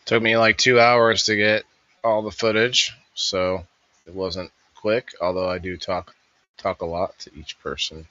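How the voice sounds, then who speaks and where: Male host, slow and unhurried, rambling voice-over in a dry room. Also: on the low side, level tone, pushed and bright, no echo, muffled recording. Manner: rambling, thinking aloud. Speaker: host reviewing a vendor fair. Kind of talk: casual voice-over commentary.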